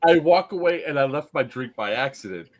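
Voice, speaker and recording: A man's voice: on the high side, fairly quick. A man in casual chat, telling a story with energy and acting out the people in it. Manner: animated, acts out the people in his story.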